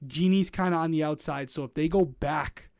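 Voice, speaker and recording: A man's voice: fairly high pitch, moderate pace, darkish tone, no room sound, clean studio sound. A man co-hosting a casual recap chat, thinking aloud and often hedging with "I think". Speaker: podcast co-host.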